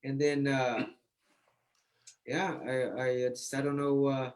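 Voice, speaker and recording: A man's voice: medium pitch, little pitch movement, slow, darkish tone. A man sharing his life story in casual testimony, exuberant, calling out friends and saying "man" constantly.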